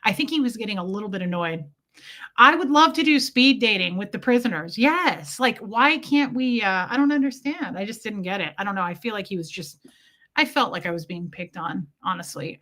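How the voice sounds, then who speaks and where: A woman livestreamer chats casually with her viewers and calls out their names as she goes. Her voice has a bright, crisp edge, and her storytelling is blunt and salty. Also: medium pitch, expressive, a little fast. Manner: blunt and profane, greets viewers by name. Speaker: livestream host.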